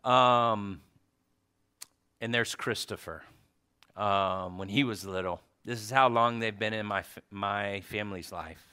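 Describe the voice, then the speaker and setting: A man in his forties giving a heartfelt tribute at church, telling stories that swing between loud animated bursts and soft asides. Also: fairly low pitch, unhurried, clear, resonant tone. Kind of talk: heartfelt tribute speech to a congregation.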